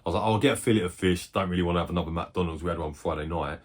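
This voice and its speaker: Man, 40s, low husky voice, rambling casual collector chat with excited bursts and swearing. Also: rapid-fire. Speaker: retro game collector.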